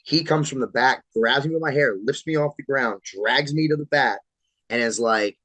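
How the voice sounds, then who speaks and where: A man in his thirties from Florida, a pro wrestler telling animated, swear-laced stories as a podcast guest. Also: mid-range voice, normal speed, no echo, low-quality recording. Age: 30s. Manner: animated storyteller, swears freely. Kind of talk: casual podcast interview storytelling.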